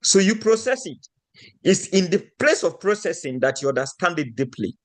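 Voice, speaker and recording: A man's voice: high-pitched, very animated, moderate pace. Man giving a teaching talk. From Nigeria. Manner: asks the audience rhetorical questions.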